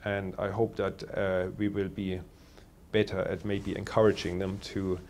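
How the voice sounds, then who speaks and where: A man working as a telecoms analyst, answering interview questions in a measured way with many pauses and fillers. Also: sits low, little pitch movement, darkish tone, slight background noise.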